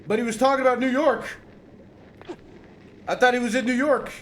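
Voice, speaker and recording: A young adult man commentating live gameplay, reacting aloud to chat and the game in an animated, slangy way. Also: extremely high pitch, a little fast, background noise. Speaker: streamer.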